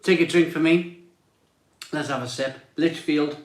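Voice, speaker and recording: Guy hosting a beer stream, reads out the chat and says hi to everyone, slightly high voice, roomy echo. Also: a little slow. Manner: chatty, greets viewers and reads out chat comments. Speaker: live stream host reviewing beer. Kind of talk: casual live stream chat.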